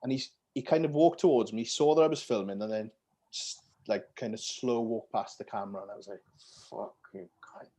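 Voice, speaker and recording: A man's voice: medium pitch, steady tone, fairly quick. A young man with a Yorkshire accent talks casually on a podcast. He swears freely and lets the ends of his sentences drop away to a mumble. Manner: swears freely, trails off quietly at phrase ends. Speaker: podcast guest, gym videographer.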